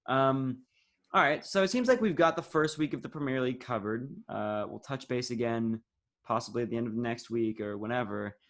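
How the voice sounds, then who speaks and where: A teenage man runs a quiz on a casual sports podcast, recorded over a video call. His voice sits at a middle pitch. He teases his friends in an upbeat way. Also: normal speed, a bit bright. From United States. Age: teens. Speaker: podcast co-host and quizmaster.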